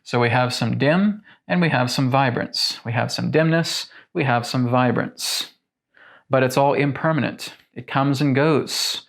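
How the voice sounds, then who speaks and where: A man giving a spiritual teaching monologue, speaking slowly and deliberately and addressing his listeners as friends. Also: medium pitch, creaky, a bit bright.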